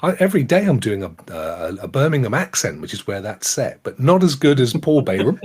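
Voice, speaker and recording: A man co-hosts a gaming talk show, joking around casually and laughing a lot in an animated way. His voice is medium-pitched, brisk, and husky.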